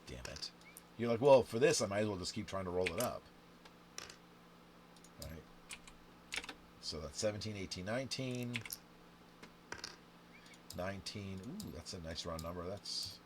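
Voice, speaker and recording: Male game instructor, low and animated, counting scores to camera; noisy track with clicks. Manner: counts scores aloud and talks to the viewer, with sudden loud outbursts. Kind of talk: playing and explaining a dice game to camera. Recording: steady background noise with clicks and typing.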